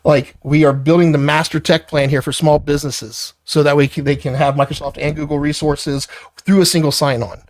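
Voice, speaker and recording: A man's voice: on the high side, flat delivery, fairly quick, no echo. An angry man lecturing an employee in a heated work argument, swearing constantly. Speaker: business owner confronting an employee.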